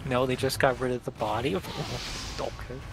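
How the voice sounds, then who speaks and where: A man's voice: mid-range voice, fairly even intonation, normal speed, gravelly, music in the background. A young man streaming a game, chatting casually in a blunt and opinionated way.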